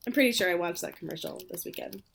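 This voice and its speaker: A woman's voice: on the low side, fast talker, gravelly, a bit bright. A woman hosting a podcast in casual chat, chatty and laughing often, swearing freely. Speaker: podcast host.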